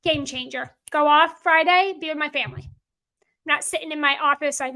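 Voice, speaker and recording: A woman's voice: sits high, moderate pace, sharp tone. A woman business coach teaching a masterclass in an emphatic, repetitive way, often acting out what clients say to her.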